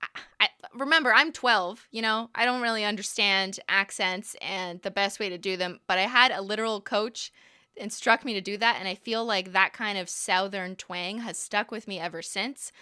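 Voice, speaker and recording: A young woman talks casually to her livestream audience with a bright, crisp voice. She laughs often and trails off into restarts. The sound is close and dry. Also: medium pitch, moderate pace, no echo. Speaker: livestream host.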